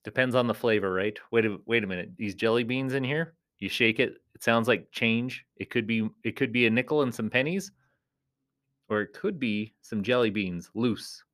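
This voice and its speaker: A man who works as a clown entertainer, chatting casually and playfully in a rambling vlog, often jumping into high silly tones. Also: moderate pace, a bit bright.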